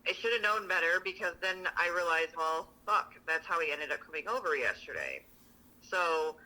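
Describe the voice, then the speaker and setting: A woman co-hosting a podcast, telling a story in a casual, profane, rapid-fire gossipy way. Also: lowish voice, lively intonation, bright, forceful tone, low-quality recording. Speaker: podcast co-host.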